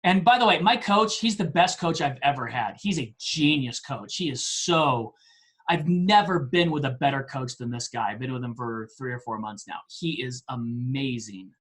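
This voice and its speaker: A man in his forties, a podcast guest telling a story in a casual, animated way, often laughing and poking fun at himself. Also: mid-range voice, normal speed. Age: 40s.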